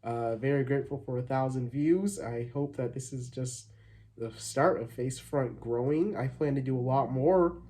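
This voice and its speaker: A man's voice: medium pitch, moderate pace, warm tone. A man hosting his own channel, talking casually to viewers in an upbeat, rambling way with many fillers and restarts. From Arizona, USA. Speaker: channel host. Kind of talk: casual thank-you vlog.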